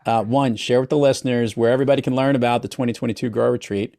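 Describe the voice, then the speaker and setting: A man's voice: mid-range voice, steady tone, racing, creaky, dark tone. A man hosting an interview podcast, upbeat and enthusiastic, often addressing his listeners directly. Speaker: podcast host. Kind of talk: casual interview chat.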